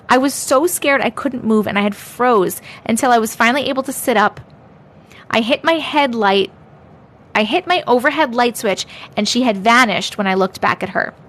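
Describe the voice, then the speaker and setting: A woman with a slightly raised pitch hosts a casual livestream. She is playful and chatty, thanking her viewers again and again and slipping in and out of put-on accents as she reads their stories aloud. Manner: thanks viewers warmly and often. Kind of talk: casual livestream chat and story reading.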